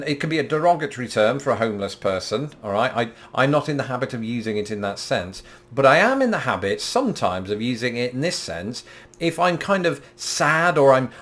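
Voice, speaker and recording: A British man hosts a scripted explainer vlog from his apartment at a middling pitch. He is playful and self-mocking, and he fights off giggles. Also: a bit bright. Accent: British English. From Britain. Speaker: YouTube host.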